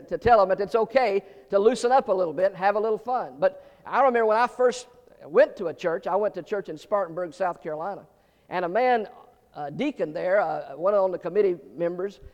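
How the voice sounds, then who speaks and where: A man's voice: sits high, darkish tone, big-room sound, muffled recording. A male pastor preaching a sermon full of folksy jokes and asides, often repeating words. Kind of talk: sermon with humorous stories.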